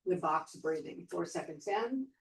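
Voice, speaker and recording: A woman at a team meeting explaining her routine, halting and step by step. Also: on the low side, lively intonation, vocal fry. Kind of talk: sharing in a group meeting. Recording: echoey room, mic far off, faint noise.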